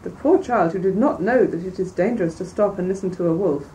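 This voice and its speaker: Female reader-lecturer, measured and clear, mellow tone; mic set back, faint hiss behind. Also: lowish voice. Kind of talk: storybook reading, then lecture commentary. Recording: distant mic, faint background noise.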